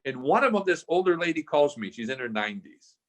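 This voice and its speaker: A man's voice: on the high side, quick pace. A man in his sixties, a real estate investor guest, telling stories animatedly in a casual interview and acting out the dialogue. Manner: animated storyteller, acts out dialogue.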